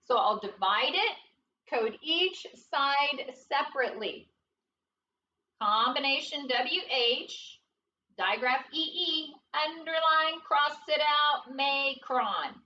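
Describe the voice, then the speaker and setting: A woman teaching a phonics lesson to young children, spelling words slowly and prompting them with encouragement. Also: sits high, animated, pushed and bright, a little hiss or hum. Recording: dull, roomy sound from a distance.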